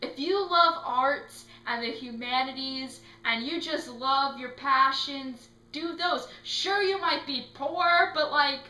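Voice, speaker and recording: Bright, high-voiced animated teen girl. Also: takes it slowly, few pauses. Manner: animated, acts out quotes in put-on voices. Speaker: interviewee. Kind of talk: casual chat. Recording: echoey room.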